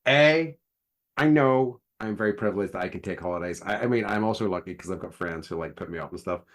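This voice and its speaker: A man's voice: lowish voice, fast. A man, co-hosting a podcast in loose, rambling casual chat and laughing easily. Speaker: podcast co-host.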